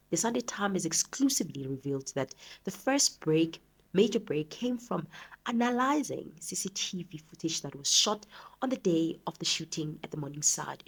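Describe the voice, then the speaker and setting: A woman's voice: fairly low pitch, husky. A woman commentating on the news, reading from articles in an earnest, emphatic way.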